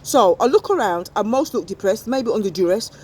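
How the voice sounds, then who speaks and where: A woman's voice: mid-range voice, lively intonation, fairly quick, darkish tone, slight background noise. A woman performing a wry spoken-word story, slipping into rhymes as she narrates.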